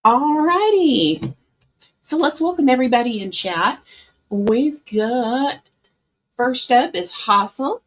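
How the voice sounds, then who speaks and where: A woman's voice: a little high, expressive, slow pace. A woman hosting a casual livestream from her bedroom, chatting with viewers. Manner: chatty, coos baby talk to her cat. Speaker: livestream host.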